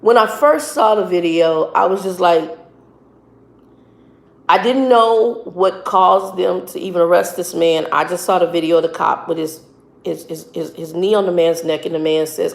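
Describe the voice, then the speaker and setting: A woman truck driver and minister giving casual, earnest advice, often halting and repeating words as she talks. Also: fairly low pitch, vocal fry. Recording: echoey room.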